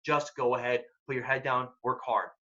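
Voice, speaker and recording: A man's voice: medium pitch, fairly even intonation, normal speed, sharp tone. A man presenting a career workshop, giving direct, emphatic advice in a casual way. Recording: dull lo-fi recording.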